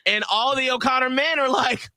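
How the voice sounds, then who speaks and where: A man's voice: extremely high pitch, moderate pace, sharp tone. A man co-hosting a radio show, telling stories and teasing in casual chat. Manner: playful, teasing storyteller.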